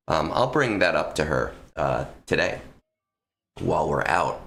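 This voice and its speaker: A man's voice: extremely low pitch, big pitch swings, moderate pace, fairly bright tone, slight background noise. A man streaming live, chatting casually with viewers from a room at home into a close microphone, rambling and swearing with many restarts and ums, with a lingering cough after an illness.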